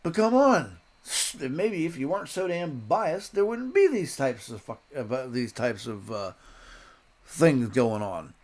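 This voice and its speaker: A man's voice: mid-range voice, animated, unhurried. A middle-aged man hosting a live-stream commentary, ranting bluntly and swearing as he reacts to news clips.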